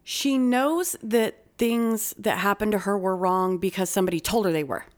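A woman host chatting on a true-crime podcast at a middle pitch. Her talk is loose and profane, and she rushes through some stretches in quick bursts.

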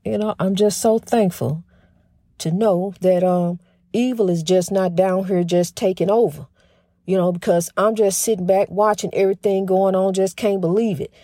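In a relaxed spiritual monologue on her faith-based talk show, a middle-aged woman speaks quickly with a slight stutter and frequent restarts, folksy and emphatic, repeatedly addressing listeners as "honey." Her medium-pitched voice is dark in tone with fairly even intonation, recorded with studio quality and no room sound.

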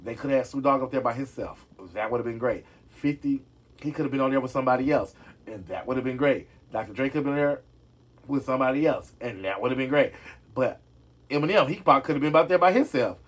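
A man with a mid-range voice talks quickly and casually to his viewers about celebrity gossip. He's sassy and direct, often addressing them as "y'all".

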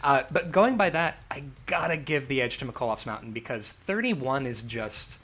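Bright-voiced laughing podcast host. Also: male voice, medium pitch, normal speed. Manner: laughs often, rambling and animated. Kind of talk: casual comedic chat.

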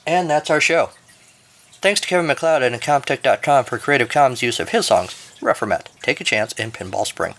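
A man's voice: mid-range voice, brisk. A man hosting a podcast, narrating a comic story and reading the outro with dry, jokey asides. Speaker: podcast host.

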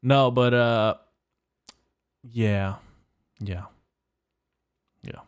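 A man's voice: medium pitch, fairly even intonation, very slow, smooth. A young man hosting a podcast, delivering a profane, rambling, mock-outraged comedic rant. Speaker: podcast host.

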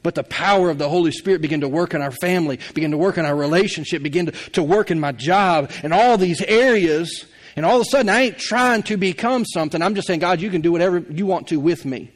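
A middle-aged pastor with a drawl delivers a sermon in a high, easy voice. He talks to the congregation like friends, folksy and conversational, with frequent laughs. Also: fast talker.

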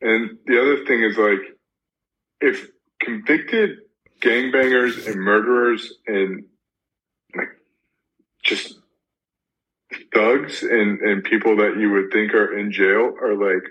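Man, podcast co-host, low pitch, bright tone, earnest halting chat. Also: steady tone, muffled recording. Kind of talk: casual chat.

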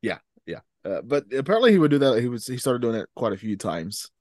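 A man's voice: mid-range voice, very animated, fast, a little mellow, dry recording, clean studio sound. A man co-hosting a podcast in casual chat, easygoing and agreeable, chiming in with "yeah" and laughing. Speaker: podcast co-host.

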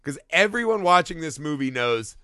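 A man's voice: fairly high pitch, animated, moderate pace, bright, forceful tone, no echo, clean studio sound. A man co-hosting a casual comedy podcast about a movie, riffing and swearing freely as he mocks the plot. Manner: profane, riffing, does mocking quoted voices. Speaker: podcast co-host.

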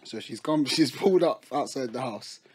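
A man's voice: mid-range voice, moderate pace, slightly rough. A young man, telling a funny story in casual chat and laughing a lot as he goes. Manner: animated, laughing storytelling in slang.

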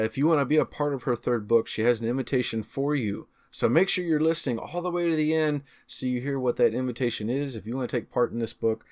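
A man's voice: mid-range voice, darkish tone. A man in his thirties hosting a podcast, introducing his guest in an enthusiastic, chatty way and joking about his own age. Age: 30s. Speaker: podcast host.

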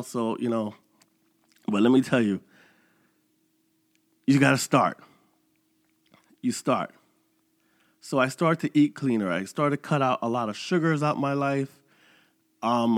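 A man's voice: medium pitch, dry recording, studio quality. A man in his thirties hosting a motivational podcast, talking casually and acting out his own inner voice. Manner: animated, conversational, dramatizes his inner voice. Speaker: podcast host. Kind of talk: motivational monologue.

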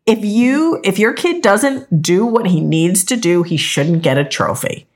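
A woman's voice: medium pitch, expressive, measured pace. A middle-aged woman co-hosting a podcast, talking bluntly and emphatically in casual chat, with frequent swearing. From Italian-American. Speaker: podcast co-host.

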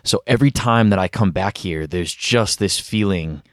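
A man's voice: deep voice, moderate pace, a bit bright, no room sound, studio quality. A man from the East Coast of the United States, a podcast guest talking in a reflective, thoughtful way in casual chat.

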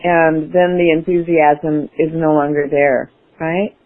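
A woman author, a guest in an interview, telling a personal story with lively enthusiasm and acting out her past self. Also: sits low, slow. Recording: phone-line sound.

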